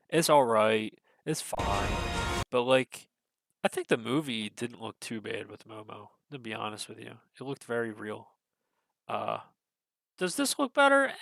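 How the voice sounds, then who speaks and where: With a fairly low pitch, vocal fry, and a moderate pace, a young video creator gives casual commentary on a trailer. His nose is stuffy, he swears a lot and rambles, hesitating with many fillers until excitement bursts out. The sound is clean studio audio with no room sound.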